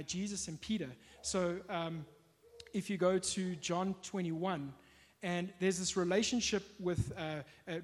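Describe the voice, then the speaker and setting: A man preaching a sermon in a conversational way, often pausing on fillers and restarting his sentences. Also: high voice. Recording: long hall reverb.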